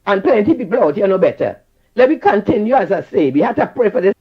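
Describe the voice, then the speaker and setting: A Trinidadian man calls in to a talk radio show and rants in a fiery, preachy way, repeating his points. His voice sits high and swings widely. The phone line sounds a little muffled. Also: big pitch swings, fast, breathy edge. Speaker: caller. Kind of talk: call-in radio rant.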